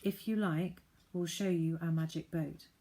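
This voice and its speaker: Brave, polite young boy, read by a woman narrator; earnest, unhurried. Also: lowish voice, steady tone, warm tone. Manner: earnest and respectful.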